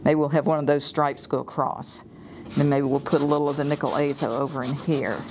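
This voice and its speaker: A woman's voice: low-pitched, steady tone, a little fast, very noisy. A woman artist from the US South giving a live painting demonstration, chatting enthusiastically and thinking aloud as she works. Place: art studio or gallery room.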